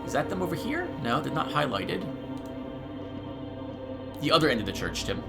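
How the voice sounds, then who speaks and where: Animated man reacting as he plays. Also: on the high side, normal speed, creaky, music in the background. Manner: excitable, breaks in with sudden outbursts. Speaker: let's play host. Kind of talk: reading game dialogue aloud with live reactions.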